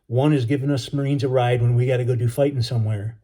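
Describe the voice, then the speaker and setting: A man voicing a kindly, gruff Marine who talks in folksy slang to calm a scared boy. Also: mid-range voice, fast talker, close to an everyday voice. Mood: reassuring. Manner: folksy, reassuring, drawling slang.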